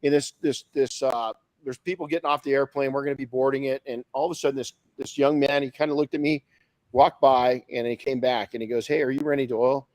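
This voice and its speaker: A man's voice: mid-range voice, fairly even intonation, a little fast, a little mellow, no room sound, rough recording. Upbeat podcast host man, dry close sound. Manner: enthusiastic, repeats words, says "man" often. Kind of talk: casual chat.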